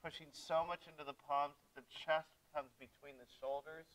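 A man teaching a yoga class, giving gentle step-by-step cues for breath and poses, playful with his young students. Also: fairly high pitch, little pitch movement, a little fast, rough recording. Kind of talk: guided yoga class instruction.

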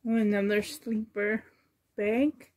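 A woman chatting to herself and her viewers while sorting doll clothes, sentimental and softly laughing. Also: medium pitch, flat delivery, slow pace. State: emotional, choked up. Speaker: reborn doll collector vlogger.

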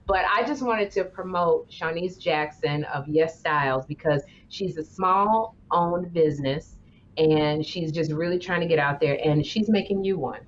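A woman's voice: low-pitched, measured pace. Playful, laughing woman co-host in casual chat; muffled sound, faint noise. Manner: chatty and playful, full of laughs. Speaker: podcast co-host.

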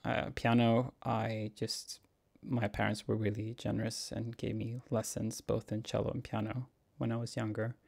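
A young man, a cellist answering viewer questions in a relaxed, musing Q&A vlog, chuckling often. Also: lowish voice, moderate pace, gravelly. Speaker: cellist and YouTuber. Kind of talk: casual Q&A vlog.

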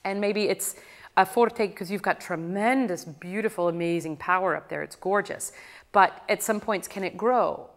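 A woman coaching a singer in a master class, animated and breaking into sung demonstrations. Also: medium pitch, normal speed, long reverb tail. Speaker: voice teacher.

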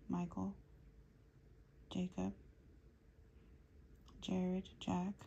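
A woman giving a channeled tarot reading to her viewers, speaking low and hushed, sometimes slipping into a whisper, rambling through lists of names. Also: gravelly, highs cut off, a little hiss or hum. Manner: rambling, listing names as they come. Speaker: tarot reader.

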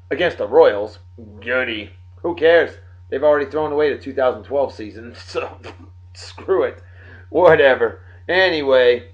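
A man hosting a daily beer and song show from home, rambling and joking as he gives birthday shout-outs to friends. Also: mid-range voice, dull audio. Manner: rambling, jokey, talks straight to friends. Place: home in Texas.

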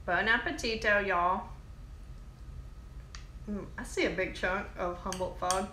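A woman hosting a casual cooking demo, chatty and excitable, calling her viewers y'all. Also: medium pitch, a little slow, roomy sound, slight background noise. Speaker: cooking show host.

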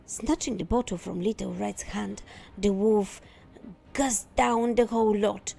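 A woman reading a children's fairy tale aloud in an expressive, dramatic storytelling manner. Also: medium pitch, a little slow, vocal fry.

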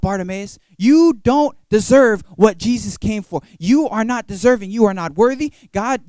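A man voicing a scornful crowd that harshly tells a blind beggar to be quiet. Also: high voice, no echo, clean studio sound. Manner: harsh, dismissive, repeatedly shouting him down.

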